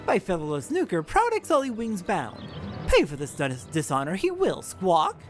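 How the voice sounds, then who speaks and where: Squawking bird-man tribesman, shrill and proud, choppy backwards phrasing. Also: wildly swooping pitch, moderate pace, soft background music. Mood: agitated squawking. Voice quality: squawking, inverted word order.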